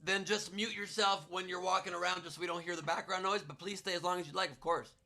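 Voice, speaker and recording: Bright, friendly riffing man. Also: high-pitched, fairly even intonation, quick pace, vocal fry. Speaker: co-host, comedian. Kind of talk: casual chat.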